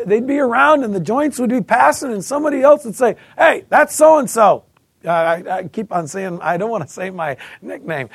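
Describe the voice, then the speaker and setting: Husky animated preacher man, fifties. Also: sits high, dry recording. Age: 50s. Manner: animated storytelling, acts out voices, repeats words. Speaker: preacher giving testimony. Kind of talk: testimony sermon.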